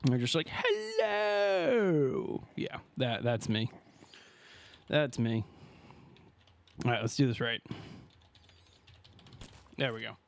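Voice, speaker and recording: Male streamer, mid-pitched, loose and chatty, talks to chat between gameplay moments. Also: fairly even intonation, slow pace, long pauses, a little hiss or hum. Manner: chatty, thanks viewers and talks to chat while playing. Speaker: streamer playing a survival game. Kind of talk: casual live-stream commentary.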